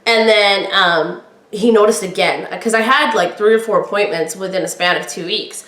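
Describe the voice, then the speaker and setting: A middle-aged woman hosting a podcast, telling a personal story in a candid, chatty way with a loud, projecting voice. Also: medium pitch, normal speed, echoey room. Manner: candid, chatty, quotes others in lively voices. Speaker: podcast host.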